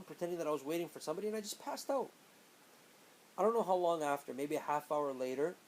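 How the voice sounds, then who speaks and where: A man casually telling a personal story, animated, acting out the people in it. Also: a little high, poor audio. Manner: animated, acts out quoted friends in raised voices.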